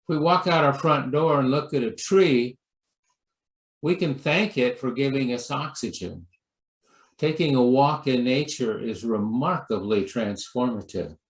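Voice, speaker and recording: A man pastor giving a sermon talk in a gentle storytelling manner, acting out quoted lines with lively voices. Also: medium pitch, unhurried, reverberant.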